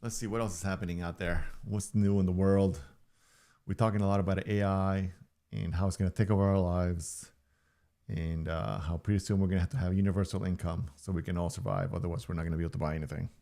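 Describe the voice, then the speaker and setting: Deep, gravelly-voiced man streamer in his forties. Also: steady tone, quick pace, dark tone. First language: Spanish. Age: 40s. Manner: playful, joking, chuckles often. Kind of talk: casual stream chat.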